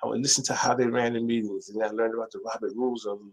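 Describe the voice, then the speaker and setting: A man, a librarian telling stories as a guest in a casual interview, animated and acting out other people's voices. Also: medium pitch, very fast, low-quality recording. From New York City. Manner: animated storyteller, acts out quoted voices.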